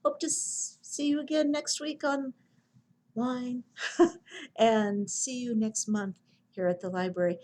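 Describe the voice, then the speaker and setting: A woman librarian reading picture books and singing to babies in a gentle sing-song way. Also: fairly high pitch, steady tone, takes it slowly, pauses often, low-quality recording. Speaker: children's librarian. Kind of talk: baby storytime reading and singing.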